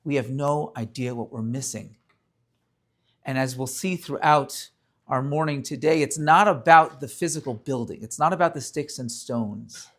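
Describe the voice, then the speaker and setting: A rabbi giving an earnest, story-filled inspirational talk to a gathering during a prayer service. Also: male voice, medium pitch, normal speed. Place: room with a live audience.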